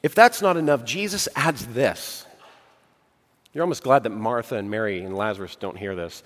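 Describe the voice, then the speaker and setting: A man delivers a sermon at a middle pitch, his voice ringing out into a large hall with a long echo. He talks dramatically, sinking to near-hushed lines and then pushing up into loud, emphatic bursts. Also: moderate pace. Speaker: pastor.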